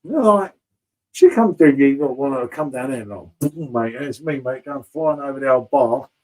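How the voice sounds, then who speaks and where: A man's voice: mid-range voice, expressive, normal speed, low-quality recording. A man in casual live-stream chat from a home bar, chatty and swearing freely, calling everyone mate.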